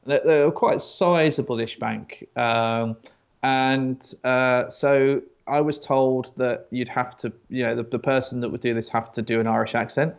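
A man's voice: medium pitch, fairly even intonation, unhurried, vocal fry, smooth, dull audio. A British man chatting as an interview guest, often stammering and restarting, telling stories. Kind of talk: casual interview chat.

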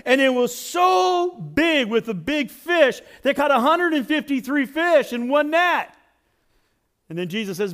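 A man pastor preaching a sermon in an animated, conversational storytelling way. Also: very high-pitched, measured pace.

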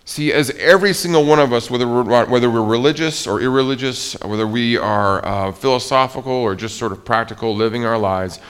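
A man's voice: mid-range voice, a little fast, hardly any pauses, a bit bright, smooth. Man preaching in a conversational way. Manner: conversational preaching with frequent restarts. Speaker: pastor. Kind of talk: sermon. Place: church.

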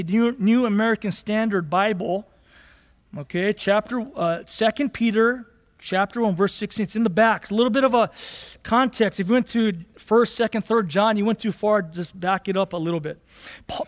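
A man preaching from the pulpit with a strikingly high voice. He speaks with emphasis, posing questions to the congregation and answering them at once. His words ring out with the long reverb of a large church hall. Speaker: pastor. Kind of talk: sermon. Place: church sanctuary.

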